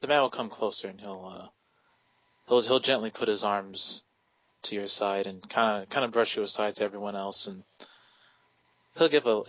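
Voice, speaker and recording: A man's voice: fairly low pitch, dry recording. A man narrating a tabletop game as game master, in careful, descriptive speech. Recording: dry, lo-fi sound.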